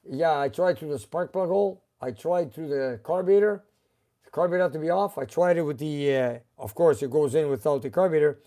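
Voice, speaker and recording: A middle-aged man hosts a casual live stream from his garage and reads viewer comments aloud. His voice sits a bit high for a man but sounds mellow and soft-edged. He talks in a relaxed, unhurried way and stops often on "uh" as he hunts for words. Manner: relaxed, halting, with many uh fillers.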